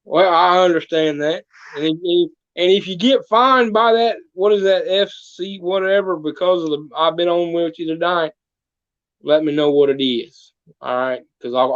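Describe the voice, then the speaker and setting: On the high side, the man's voice comes through a muffled recording with no room sound. He is in character as a small-town mayor telling comic tall tales in a podcast interview, folksy and doing voices for the people in his stories.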